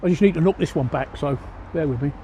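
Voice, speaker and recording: A man's voice: on the high side, quick pace, warm tone, slight background noise. A Cockney man from East London livestreaming from an outdoor pub table, chatting bluntly with viewers and swearing freely. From East London, England. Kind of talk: casual livestream chat answering viewers. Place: outdoor pub seating by a street.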